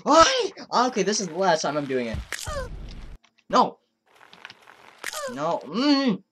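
A woman's voice: mid-range voice, slow pace, background noise. A woman commenting on her own gameplay as she plays, exclaiming often and talking to herself in frustration. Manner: excitable, exclaiming, frustrated self-talk. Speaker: let's play host.

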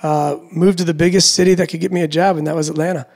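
A man in his thirties, from Florida, a guest in a casual interview, telling his story in a relaxed way with many fillers. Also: on the high side, fast. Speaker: guest, roller dealer.

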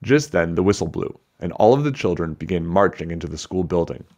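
Deep-voiced man reading a children's book. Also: animated, brisk, darkish tone. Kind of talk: storybook read-aloud narration.

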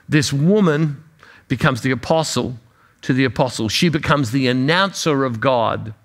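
A man's voice: medium pitch, fairly bright tone. A man preaching an earnest sermon, often repeating words as he builds a point.

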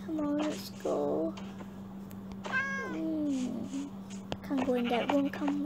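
A young girl hosting her gaming channel, chatting excitably and bossing her teammate around. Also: sits high, takes it slowly, creaky. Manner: excitable, chatty, bossy toward her partner. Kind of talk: casual gameplay chat. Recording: noisy home recording.

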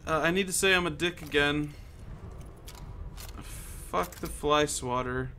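A man's voice: on the high side, takes it slowly, long pauses, pushed and bright, a little hiss or hum. A man giving casual gameplay commentary, joking, swearing and muttering to himself as he plays. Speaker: gamer.

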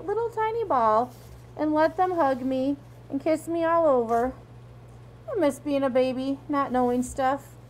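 A woman's voice: high-pitched, darkish tone, a little hiss or hum, poor audio. A woman reading a novel aloud in an informal way, with small slips and restarts. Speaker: audiobook reader.

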